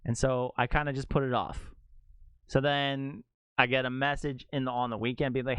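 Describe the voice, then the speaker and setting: Brief: young male game streamer, mid-pitched, smooth and clear, dry close sound, chatty rambling storyteller. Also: moderate pace, dry recording. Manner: rambling, animated, heavy use of "like". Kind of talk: casual storytelling chat to stream viewers.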